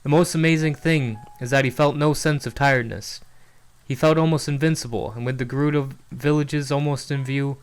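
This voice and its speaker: A man's voice: mid-range voice, steady tone, brisk, clean tone. A man streaming a casual read-aloud of his own novel, often chuckling at his writing and restarting lines.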